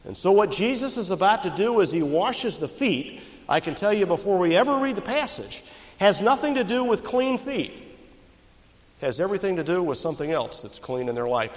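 High, animated male preacher. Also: long reverb tail, poor audio. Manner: emphatic, call-and-response questions to the congregation. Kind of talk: expository sermon.

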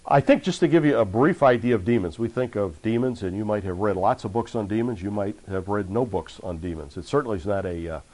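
A man preaching at a conference seminar, earnest and measured, with frequent fillers between phrases. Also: on the low side, darkish tone. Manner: earnest, reads accounts aloud with rising intensity. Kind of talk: conference sermon lecture.

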